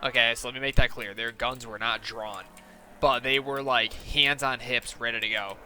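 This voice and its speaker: A young man and gaming channel host telling a story in casual, animated, profane style, full of fillers and quoted lines. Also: medium pitch, normal speed, slight background noise.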